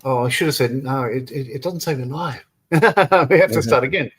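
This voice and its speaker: A man co-hosting a relaxed model-building livestream, reading viewers' comments aloud and laughing often. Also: mid-range voice, normal speed, husky. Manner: laughs often, reads chat messages aloud. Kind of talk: casual chat reading out live comments.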